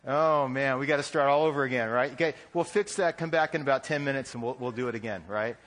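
A man's voice: mid-range voice, fast, fairly bright tone. A man preaching a sermon in a conversational, joking way, often checking in with his listeners. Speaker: pastor.

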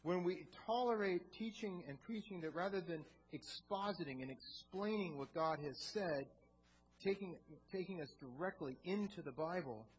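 A man's voice: fairly high pitch, highs cut off. A man preaching a sermon as pastor, earnest and often repeating words as he restarts.

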